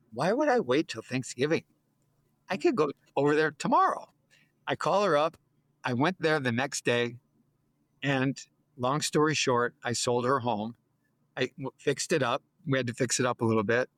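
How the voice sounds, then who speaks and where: This man in his sixties, a U.S. real estate agent being interviewed, recounts a story with energy, lifting his voice whenever he performs someone's lines. The recording is dry, and his pitch sits in the middle.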